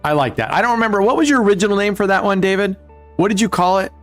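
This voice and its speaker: A man's voice: high-pitched, rapid-fire, fairly bright tone. A man hosting a live casino stream, chatting casually with viewers, joking and swearing. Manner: joking, profane, talks to chat viewers. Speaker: livestream casino host. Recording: faint music behind.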